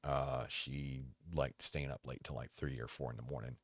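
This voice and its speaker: A man in his forties hosting a podcast, chatting casually on his own in a rambling, halting way with many restarts. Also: rumbling low, flat delivery, fairly bright tone, slightly rough, dry recording. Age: 40s. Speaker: podcast host. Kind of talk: casual solo chat.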